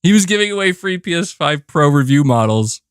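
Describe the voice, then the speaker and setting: A man's voice: on the high side, a little fast, smooth, no room sound, clean studio sound. A young man streaming from home, chatting casually and ranting with exasperation. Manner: animated, exasperated ranting with laughs. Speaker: gaming streamer. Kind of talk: casual live-stream chat. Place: home room.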